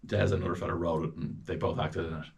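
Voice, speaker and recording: A man's voice: sits low, very fast, gravelly. An Irish man in his forties telling stories as a guest in a casual chat, bringing quoted people to life. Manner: lively anecdotes with quoted voices.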